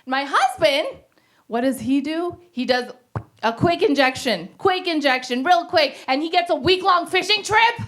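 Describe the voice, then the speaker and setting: High-voiced woman doing stand-up. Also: normal speed. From Pakistan. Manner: animated, laughing at own jokes, big jumps into acted quotes. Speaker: stand-up comedian. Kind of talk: stand-up set. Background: audience laughter.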